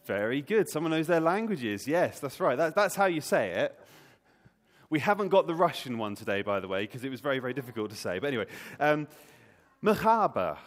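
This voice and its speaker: A man's voice: mid-range voice, brisk. A man leading an Easter all-age talk in church, playfully quizzing the congregation. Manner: lively and playful, quizzing the audience. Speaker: preacher. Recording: long hall reverb.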